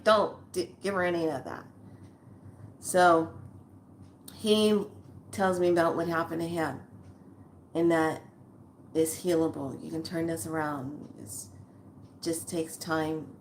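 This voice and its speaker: A woman in her sixties with a fairly low voice talks straight to her viewers in a chatty, earthy way. She tells her story bluntly and calls them lovelies. A faint ambience sits under her voice. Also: fairly bright tone, slight background noise. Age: 60s. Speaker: spiritual vlogger. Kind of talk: casual storytelling to camera.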